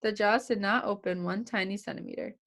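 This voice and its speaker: A woman's voice: mid-range voice, fairly quick. A young woman reading a children's chapter book aloud to kids, giving each character their own voice. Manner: lively, puts on voices for the characters.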